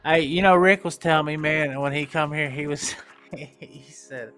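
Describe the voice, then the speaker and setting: A man with an Appalachian accent, hosting a livestream in casual, profane chat and talking in a slow drawl. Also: a little high, pushed and bright, soft background music. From Appalachian United States. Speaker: livestream host.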